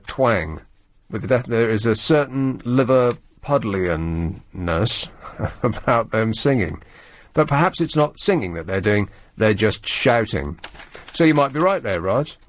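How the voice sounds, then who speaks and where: A male radio presenter in a studio, talking in a sardonic, rambling way with animated emphasis. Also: mid-range voice, dry recording. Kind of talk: late-night radio talk. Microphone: studio microphone.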